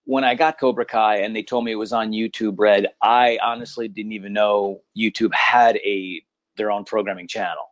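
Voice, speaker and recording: A middle-aged man, an actor, telling stories in a casual interview with an animated, laughing manner. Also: fairly low pitch, moderate pace, no echo. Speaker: actor guest.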